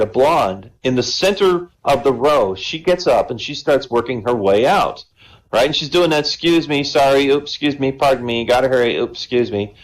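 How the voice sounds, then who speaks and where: A man's voice: mid-range voice, low-quality recording. A man telling jokes at an online comedy show, chatty and conversational, raising his voice to act out characters. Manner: conversational, tags lines with "right?"; acts out characters with a raised voice.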